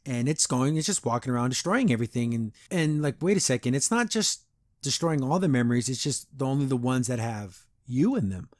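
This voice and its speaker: A man's voice: mid-range voice, animated, brisk, no echo. A man hosting a podcast, giving a casual, opinionated and easily amused review of a cartoon episode into a close microphone. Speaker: podcast host.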